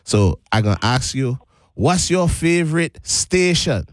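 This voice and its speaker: A man's voice: fairly high pitch, expressive, a little slow, dry recording, studio quality. A man hosting a live radio show, chatting and laughing as he coaxes a caller along. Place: radio studio. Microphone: studio microphone.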